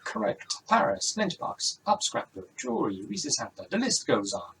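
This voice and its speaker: Cheesy game-show host, shaky Welsh accent, a man impersonating; bright tone. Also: on the high side, sing-song, normal speed, gravelly, distant mic, a little hiss or hum, voice pushed up, heavily acted, rough recording. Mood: fawning. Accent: put-on Welsh. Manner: mock-formal quizmaster patter.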